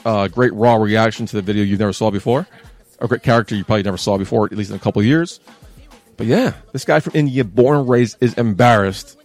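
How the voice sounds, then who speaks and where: A man in his thirties hosting a casual talk show, chatty and sarcastic with lively asides. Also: on the low side, fast, soft background music. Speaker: podcast host.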